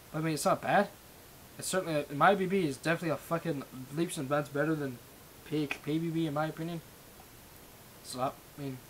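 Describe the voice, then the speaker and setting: A man's voice: medium pitch, a bit bright, slight background noise, low-quality recording. A young man hosting a livestream, ranting in a rambling, profane way with lots of restarts. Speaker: livestream host. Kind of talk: ranting casual monologue.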